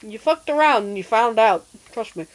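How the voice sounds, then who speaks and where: A woman streamer chatting casually and telling an animated childhood story while gaming. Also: fairly high pitch, moderate pace, low-quality recording.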